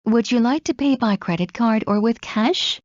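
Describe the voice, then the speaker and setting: Lady reading phrase drills one by one, kinda high voice, flat dull dry sound. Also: no room sound. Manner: measured, with a pause after each phrase. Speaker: English phrase reader. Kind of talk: slow read-aloud phrase drill.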